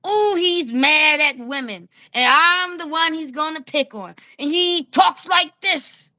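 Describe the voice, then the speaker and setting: New york woman venting to her phone cam, high voice, laughs a lot, cusses. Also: unhurried. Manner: animated storytelling, laughing often, blunt and profane. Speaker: street vlogger. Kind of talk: casual rant to camera.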